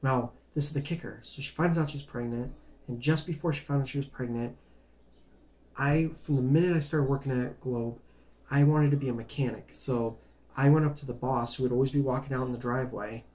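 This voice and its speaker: A man's voice: medium pitch, fairly even intonation, fairly quick, darkish tone. A man telling a personal life story to camera in a casual, rambling way, restarting phrases and apologizing for going off track. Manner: rambling, repeats words, apologizes for veering off. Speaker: vlogger sharing his life story.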